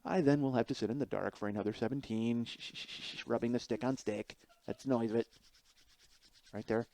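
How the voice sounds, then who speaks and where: A man's voice: mid-range voice, steady tone, fairly quick, warm tone. A man in his forties telling a rambling, self-mocking comic story as a podcast host. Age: 40s. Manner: rambling, self-mocking, acts out voices in anecdotes. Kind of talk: comedic storytelling monologue.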